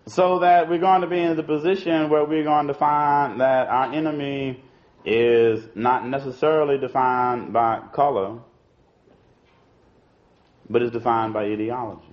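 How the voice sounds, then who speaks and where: In a dull lo-fi archival recording, a man with a medium-pitched voice and fairly even intonation speaks a little slowly. His informal political talk to an audience is conversational, with repeated words and frequent "you know" and "see."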